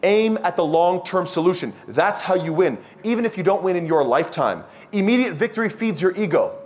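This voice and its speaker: Animated male preacher. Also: a little fast. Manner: animated, acts out imagined speakers, rising to emphatic pitch. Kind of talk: youth halaqa talk.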